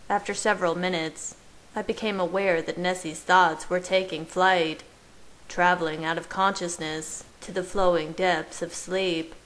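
A woman reading fan fiction aloud in a slow, gentle, measured way, narrating from a man's point of view. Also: on the low side, rough recording. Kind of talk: storybook narration read aloud.

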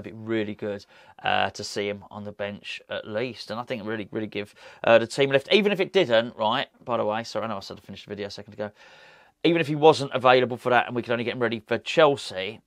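Chatty man, low dry voice. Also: quick pace, dry recording. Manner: chatty, rambling, frequent restarts and fillers. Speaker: football podcast host. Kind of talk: casual solo commentary.

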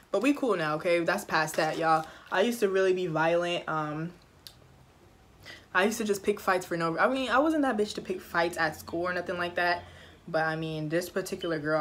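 Chatty young woman, low voice. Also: slight background noise. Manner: chatty, slangy, profane, addresses viewers. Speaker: vlogger. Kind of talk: casual storytime while eating. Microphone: phone camera.

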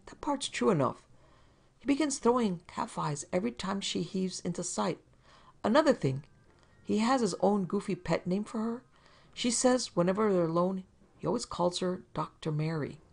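Fussy, prim male client with a whiny, raised pitch and a gravelly edge, as a woman reader puts him on. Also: lively intonation, moderate pace, darkish tone. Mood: wheedling. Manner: prim, fussy wheedling talk, higher pitch. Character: fussy, wheedling middle-aged man client. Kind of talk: storybook reading.

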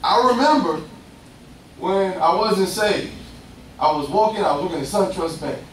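A young man preaching a lively, conversational sermon, acting out voices and laughing often. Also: sits high, normal speed, slight background noise. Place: church. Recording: echoey distant room sound.

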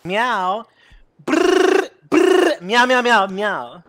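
A man's voice: very high voice, sing-song, drawn-out words, heavy background noise, exaggerated voice. A man playing a catlike gang member who answers in meows and purring trills, in voice chat roleplay in an online game. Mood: playful meowing.

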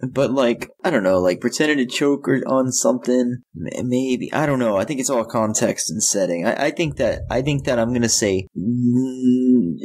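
A man's voice: mid-range voice, moderate pace, a little mellow, slightly rough. A man co-hosting a casual podcast, making dry, joking remarks and laughing. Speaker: podcast co-host. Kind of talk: casual chat.

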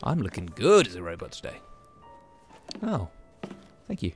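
A man's voice: low-pitched, wildly swooping pitch, normal speed, music in the background. A man giving casual commentary as he plays a video game, chatty and full of exclamations. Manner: chatty, exclaims and muses aloud while playing. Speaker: gaming YouTuber.

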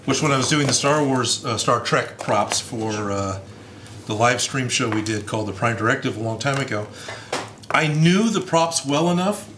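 A male livestream host talks shop about prop making in a relaxed, rambling way. His voice carries a roomy echo, with a faint hiss in the background. The pitch sits in a middle range. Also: normal speed. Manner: easygoing, rambling storyteller. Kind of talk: casual workshop chat.

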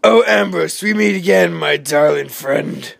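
A sneering male villain with a husky, gravelly voice, drawing out every taunt at an old rival, as a man plays him. The take is dry and close to the mic. It is an amateur audition. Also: a little high, a bit bright, no room sound, heavily acted. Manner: mocking, drawn-out taunts. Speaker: audition actor.

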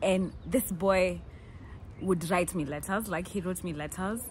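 Animated Kenyan woman telling stories. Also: on the low side, a little slow, a little hiss or hum. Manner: animated, playful, laughs often, acts out quotes. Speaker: vlogger. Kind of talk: casual storytelling.

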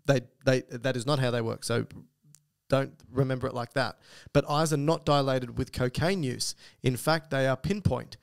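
Gravelly-voiced Australian man co-hosting a podcast. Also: mid-range voice, fairly even intonation, normal speed. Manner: chatty, explanatory, joking asides. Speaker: podcast co-host. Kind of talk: casual chat, reading listener emails.

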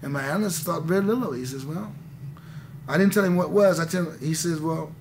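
Casting: man in his thirties, high and gravelly, rambling confessional interview on hissy old tape. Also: fast. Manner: rambling, intense, restarts often, says "man". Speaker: interviewee, musician. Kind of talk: candid conversation.

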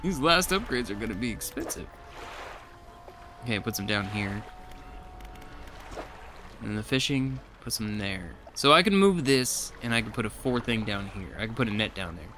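A man's voice: fairly low pitch, expressive, moderate pace, pauses often, music in the background. A man giving casual let's play commentary as he plays, chatty and talking to himself, with frustrated outbursts. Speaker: gameplay streamer.

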